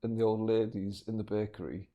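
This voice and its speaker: A man's voice: on the low side, little pitch movement, a little fast, muffled recording. Playful man telling a silly story. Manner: playful, acting out characters in silly voices. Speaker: podcast co-host. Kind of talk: improvised comedy storytelling.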